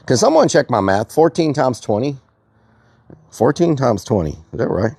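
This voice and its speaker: A man's voice: medium pitch, big pitch swings, normal speed, creaky, darkish tone, husky, dry recording. A man hosting a live stream outdoors, chatting casually and muttering sums to himself as he works things out. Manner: mutters to himself while working out sums aloud. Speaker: livestream host.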